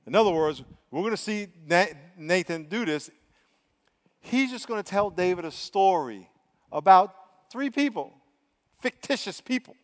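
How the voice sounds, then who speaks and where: High-voiced man preaching in a reverberant hall. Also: lively intonation, a little slow. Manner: conversational, emphatic preaching with acted-out quotes. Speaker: pastor. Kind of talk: sermon.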